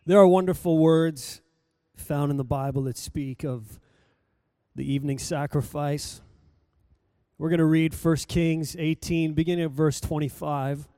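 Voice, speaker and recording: A man's voice: a little high, steady tone, a little slow, mellow, clean tone, dry recording, studio quality. Man reading scripture in a dramatic way. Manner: dramatic reading, voice rising and falling with the story. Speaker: pastor.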